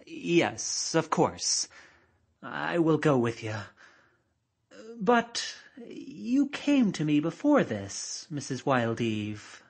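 A woman's voice: low-pitched, very animated, extremely slow, vocal fry, slightly rough, exaggerated voice. A woman voicing a plain-spoken rural tradesman who describes a strange night encounter in an audiobook. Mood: puzzled. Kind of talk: audiobook character voice.

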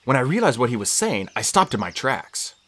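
An audiobook reader narrating a story in first person with lively, expressive storytelling. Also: mid-range voice, brisk, husky.

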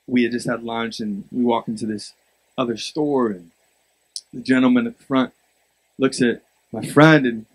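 Young male pastor, husky and a bit high, emphatic sermon delivery. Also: rough recording. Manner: emphatic, swings from quiet storytelling to loud exhortation.

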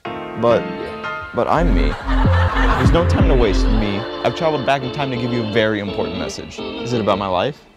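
A goofy time-traveler who meets himself, as a man acts out both sides. His pitch jumps all over, mid-range for a man. Loud music plays behind him. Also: animated, normal speed, lightly acted. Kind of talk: comic skit playing himself and his future self.

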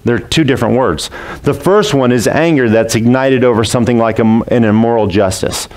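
A man's voice: mid-range voice, brisk, a little mellow. Emphatic man preaching a sermon. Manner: earnest, emphatic preaching with repeated lines. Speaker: pastor.

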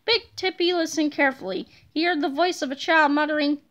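A woman reading a children's chapter book aloud with expressive, animated storytelling. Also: high-pitched, a little fast, highs cut off. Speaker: reader.

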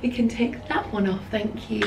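A woman's voice: medium pitch, fairly even intonation, normal speed, gravelly, recorded from a distance, background noise. Bubbly British woman in an echoey room. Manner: bubbly, chatty, keeps saying cute. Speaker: fashion vlogger. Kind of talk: casual outfit vlog. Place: holiday room with insects outside. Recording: echoey room, slightly off-mic. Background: faint crickets.

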